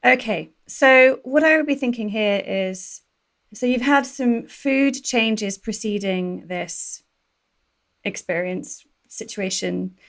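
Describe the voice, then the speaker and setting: Gently curious woman giving advice. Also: a little high, takes it slowly. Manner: thoughtful, gently curious questions. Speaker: perimenopause doula, guest. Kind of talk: calm advice in an interview.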